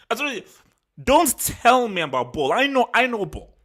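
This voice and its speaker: A football channel host with a mid-range, fairly bright voice delivers a heated solo post-match reaction, very animated yet unhurried. Worked up and angry, he's slangy and self-assured, repeating phrases for emphasis.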